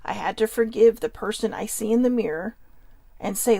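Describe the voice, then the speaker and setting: A middle-aged woman speaks straight to her viewers in an earnest, confessional way. Her voice sits a little high with a gravelly fry, and the recording is close and dry. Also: moderate pace, mellow, dry recording. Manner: reads viewer comments aloud. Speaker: vlog host. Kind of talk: emotional personal livestream talk.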